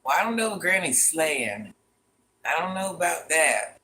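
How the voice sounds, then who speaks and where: A man with a slightly high, sing-song voice and a sharp tone talks at normal speed while hosting a casual livestream as a granny character. He's chatty and dramatic, greeting viewers by name, repeating lines for effect, and calling them "child" and "honey bun."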